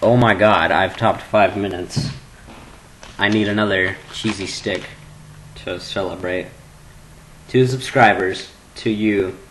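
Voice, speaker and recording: A man rambling goofily in a webcam vlog at home at his computer, jumping between low mumbling and sudden squeals. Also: fairly even intonation, slow pace, long pauses, a bit bright, slight background noise, low-quality recording. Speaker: vlogger.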